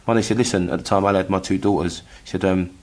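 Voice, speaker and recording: A middle-aged man from England telling a personal story in casual chat, halting with many restarts and acting out the voices he quotes. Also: low-pitched, steady tone. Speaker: guest telling his story.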